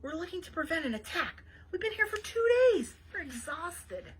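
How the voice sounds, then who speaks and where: A woman reading the lines of a worn-out young agent, hushed and urgent. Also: very high-pitched, very animated, moderate pace, voice pushed up, heavily acted.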